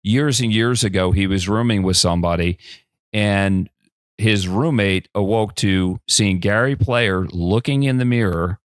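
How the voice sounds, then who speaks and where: A man's voice: lowish voice, measured pace, dry recording, studio quality. A man hosting a casual interview, chatty and jokey, asking questions. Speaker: podcast host.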